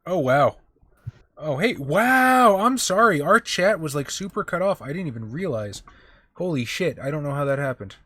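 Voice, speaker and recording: A man's voice: fairly high pitch, very animated, moderate pace, fairly bright tone. A man chatting casually as a player and stream host in a tabletop game, swearing freely.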